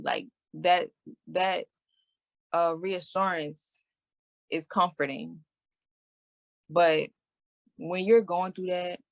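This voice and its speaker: A woman's voice: low voice, gravelly, no echo. A young adult woman hosting a casual podcast chat, speaking candidly about relationships in a conversational way. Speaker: podcast host.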